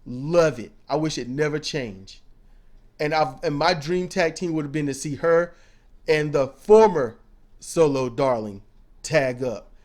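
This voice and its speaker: A man giving blunt, preachy casual commentary as a show co-host, swearing freely as he talks. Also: fairly high pitch.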